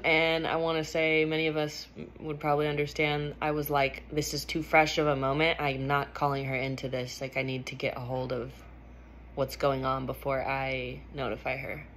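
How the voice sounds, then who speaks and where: A woman's voice: low voice, fairly bright tone, slight background noise. A woman vlogger telling a personal story in a candid, emphatic way, swearing freely.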